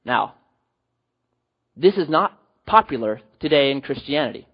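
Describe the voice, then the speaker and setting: A man preaching a sermon as pastor, animated, rising to loud emphatic peaks and dropping to quiet low endings. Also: unhurried, breathy edge, muffled recording.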